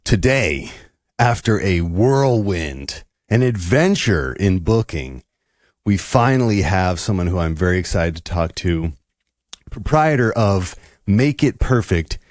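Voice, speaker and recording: Low-voiced guy hosting a podcast, laid-back and stoked, dry close sound. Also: big pitch swings, slow pace, no room sound. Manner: laid-back, enthusiastic, repeats words when starting sentences. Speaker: podcast host. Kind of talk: casual chat.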